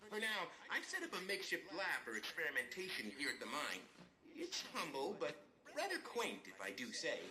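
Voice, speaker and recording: A man's voice: fairly high pitch, pushed and bright, heavily acted. An actor playing a fussy, self-important male asura scientist who keeps formal case notes, in a video game. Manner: precise, formal log-keeping tone. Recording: game music behind voice.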